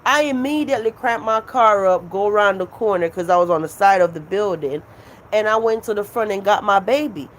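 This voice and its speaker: A woman's voice: medium pitch, brisk, a little hiss or hum. A woman hosting her own live stream, venting at her critics in a casual, profane, emphatic way and repeating her points.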